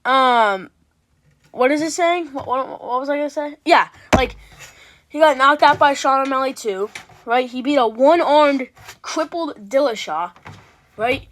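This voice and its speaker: High-voiced rambling woman reacting to rankings. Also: measured pace, fairly bright tone, a little hiss or hum. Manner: rambling, self-interrupting, swears casually. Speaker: MMA reaction host. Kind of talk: casual reaction commentary.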